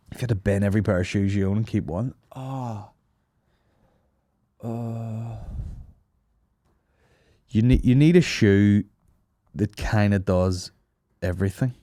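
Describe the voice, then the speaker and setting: A man's voice: on the low side, warm tone, dry recording. A man hosting a podcast, chatting casually with lots of swearing and joking. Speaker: podcast host. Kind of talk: casual chat.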